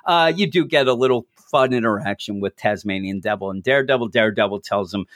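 A man co-hosting a podcast, chatting casually about comic books and slipping into quick character voices. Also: on the low side, a bit bright, dry recording, studio quality. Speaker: podcast co-host. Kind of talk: casual comic book discussion.

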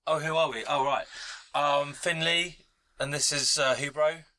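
A man's voice: on the high side, steady tone, measured pace, sharp tone, slight background noise. A man who is a player in a tabletop role-playing game, talking in a casual, jokey way. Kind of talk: tabletop role-play banter.

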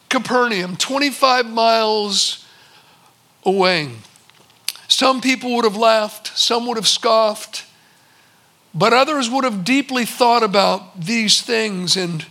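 A male pastor delivers a storytelling sermon, acting out snippets of dialogue as he goes. His voice sits very high and carries a gravelly rasp. The tone is bright and sharp. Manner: storytelling, acts out servants and a visitor in quotes.

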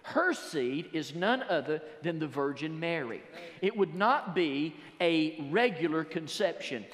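A man preaching a sermon, quoting scripture, then stressing key words slowly and rising to loud emphatic peaks. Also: fairly high pitch, expressive. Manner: quotes scripture and paraphrases it. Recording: long reverb of a large hall.

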